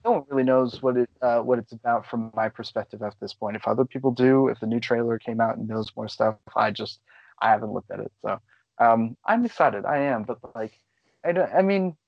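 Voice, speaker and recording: Rambling, excitable man on a podcast. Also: medium pitch, a little fast, creaky, no room sound, highs cut off. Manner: rambling, excitable, swears freely. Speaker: podcast co-host. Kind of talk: casual chat.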